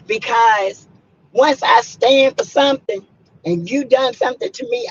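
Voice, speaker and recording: A hoarse woman, chatting casually and emphatically on a livestream and greeting viewers by name. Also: on the high side, animated, slow, a bit bright. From South Carolina. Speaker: livestream host. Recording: muffled lo-fi audio.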